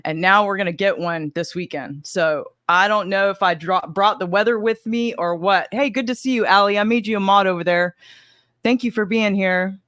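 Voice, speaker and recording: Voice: mid-range voice, moderate pace, fairly bright tone, dry recording, studio quality. A livestream host with a slight Southern US accent, chatting casually and rambling while greeting viewers by name. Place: home in Arizona.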